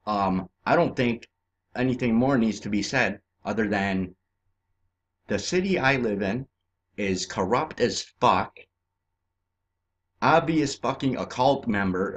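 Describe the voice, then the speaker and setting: A man from California ranting in a profane, agitated way over on-screen maps, swinging between shouting and muttering. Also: fairly low pitch, measured pace. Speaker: vlogger.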